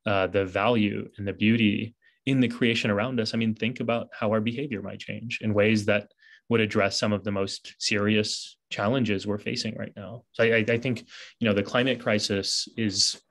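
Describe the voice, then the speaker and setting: A man's voice: fairly low pitch, fairly even intonation, moderate pace, creaky, a bit bright. A man being interviewed as an author, talking in an earnest, reflective way and often restarting his phrases. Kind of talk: conversational interview.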